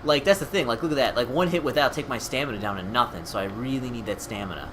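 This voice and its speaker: A young man casually commenting while playing a video game, excitable and trash-talking enemies. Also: medium pitch, fast, a little hiss or hum. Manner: excitable, yells at enemies, playful trash talk. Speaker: co-host gamer. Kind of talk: casual let's-play commentary.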